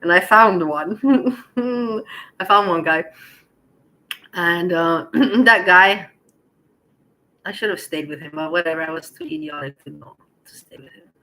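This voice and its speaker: A woman casually telling a personal story to her viewers, animated and laughing as she acts out the dialogue. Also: lowish voice, a little slow, pauses often, rough recording.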